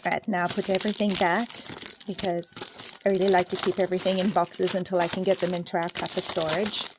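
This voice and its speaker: A young woman with an Australian accent, chatting excitedly while unboxing her small business order at home. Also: fairly low pitch, fairly quick, noisy background. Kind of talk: casual unboxing vlog. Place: home indoors, rain and roosters outside.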